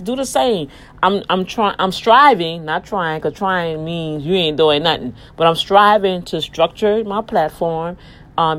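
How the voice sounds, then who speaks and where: A woman hosting her own internet radio show, talking loosely and warmly to her listeners. Her voice sits low and full. She piles on gospel-flavored exclamations and heartfelt thanks. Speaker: online radio show host. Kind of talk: casual talk with listener shout-outs.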